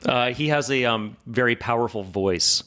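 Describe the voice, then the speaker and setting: A man's voice: medium pitch, moderate pace, sharp tone. A man guesting on a casual podcast, chiming in with dry, wry asides. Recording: faint hiss on a poor mic.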